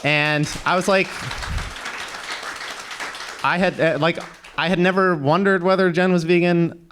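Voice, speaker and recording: A man's voice: fairly high pitch, a bit bright. A man speaking on a panel as an activist, rambling and hesitant, with many restarts. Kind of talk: casual panel talk.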